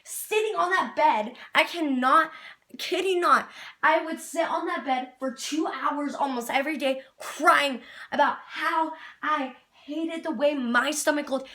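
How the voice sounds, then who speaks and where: Young woman vlogging, high bright voice, earnest and rambly, kinda slow. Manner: earnest, rambling, with laughs and tearful stretches. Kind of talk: emotional personal vlog.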